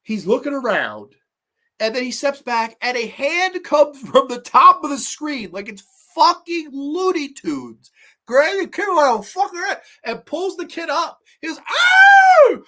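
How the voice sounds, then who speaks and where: A man's voice: very high-pitched, big pitch swings, unhurried, bright, forceful tone. A man hosting a horror movie review show, ranting in a profane, heated and sarcastic way. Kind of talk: solo movie review rant.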